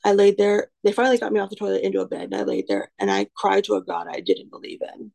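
A woman's voice: medium pitch, sing-song, fast talker, vocal fry, a little mellow, poor audio. A woman in her twenties gives a candid personal testimony in a frank, self-deprecating way, rambling with lots of "you know" and "um". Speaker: recovery speaker sharing her story.

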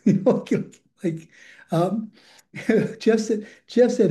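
Older male recovery speaker, very mellow dark tone, slightly high pitch, candid and rambling. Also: slow. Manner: candid, rambling, chuckles often. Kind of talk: personal recovery share.

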